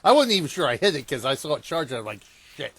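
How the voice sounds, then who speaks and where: A man casually commenting on his own hunting gameplay, rambling and self-mocking, laughing at his blunders and swinging between hushed muttering and loud exasperated outbursts. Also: on the high side, big pitch swings, rapid-fire.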